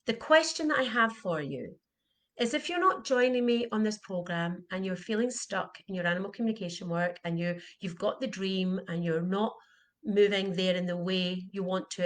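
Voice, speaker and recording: With a medium-pitched, slightly bright voice, this middle-aged woman coaches animal communication through a sincere, heartfelt motivational talk, asking her questions twice for emphasis.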